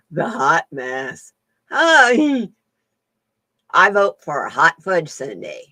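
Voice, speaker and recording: Woman, folksy live-stream host, lively swooping pitch, bright tone, dry close sound. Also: slow pace, husky, dry recording. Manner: chatty, folksy, laughs often. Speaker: host and card reader. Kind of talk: casual live-stream chat.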